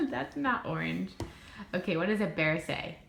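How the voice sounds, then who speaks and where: A young mother coaxing her toddler to talk on camera, sing-song and encouraging, her voice swooping up high. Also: creaky, fairly bright tone, slight background noise. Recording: echoey room with faint ambience.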